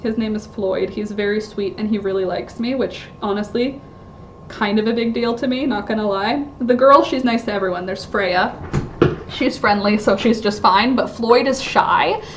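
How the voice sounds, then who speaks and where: A woman's voice: mid-range voice, moderate pace, a little hiss or hum. A woman chatting casually on a livestream from home, rambling and interrupting herself with lots of fillers. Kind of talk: casual live-stream chat.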